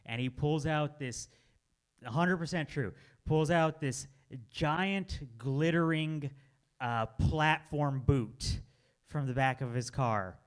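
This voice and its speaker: A man's voice: a little high, smooth. A man doing stand-up at an open mic, telling a long story and laughing at his own lines. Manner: laughs through his own story, drops to mutters for quotes. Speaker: stand-up comedian.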